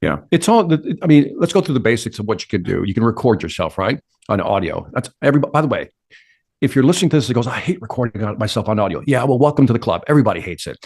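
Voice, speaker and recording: A man's voice: medium pitch, big pitch swings, rapid-fire, creaky, darkish tone, slightly rough. A middle-aged man answering interview questions with energy, acting out quotes and his own inner talk. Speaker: sales speaker and interview guest.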